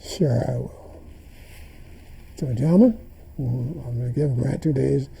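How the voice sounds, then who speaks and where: A man's voice: mid-range voice, unhurried, creaky, mellow, breathy edge, poor audio. An older man in an interview, animatedly retelling events and acting out the dialogue he quotes. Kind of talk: storytelling in an interview.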